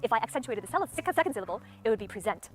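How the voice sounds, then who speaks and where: With a fairly high, sing-song voice, this coach speeds through her instruction, methodically voicing examples of tone and stress. Clear music runs under her speech.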